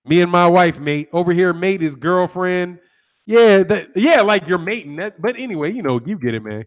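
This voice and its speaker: A man's voice: high voice, lively intonation, moderate pace. A man, hosting a boxing channel and chatting casually with viewers on a live stream, joking and answering their comments. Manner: laid-back, joking, reads out chat comments.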